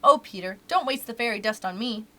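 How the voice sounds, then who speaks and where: A woman's voice: fairly high pitch, lively intonation, fairly quick, fairly bright tone. Woman reading as a wistful, tender young mother. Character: gentle grown-up mother Wendy, wistful.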